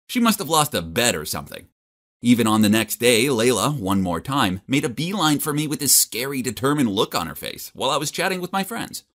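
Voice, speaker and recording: Animated man telling a teen story. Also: on the low side, a little fast. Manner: animated, exasperated, self-mocking. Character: nerdy teenage boy, awkward but blunt. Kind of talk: first-person story narration.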